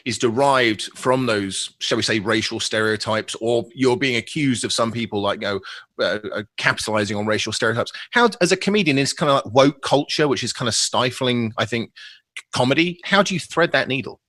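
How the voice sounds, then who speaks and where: Male co-host, 30s, bright tone, long rambling questions. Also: medium pitch, brisk, no room sound. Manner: probing questions, rambling phrasing. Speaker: podcast co-host. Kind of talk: casual podcast chat.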